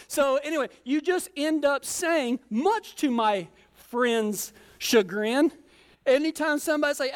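A preacher from Colorado telling a humorous travel story in a folksy, joking way during a sermon. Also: male voice, very high-pitched, measured pace, fairly bright tone. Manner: folksy, joking, self-teasing.

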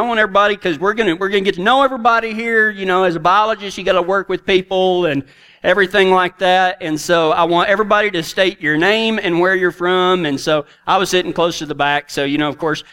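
A man's voice: high-pitched, sharp tone, clear, resonant tone. A middle-aged man with a Texan accent, telling a folksy story as a cowboy preacher in a sermon. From Texas.

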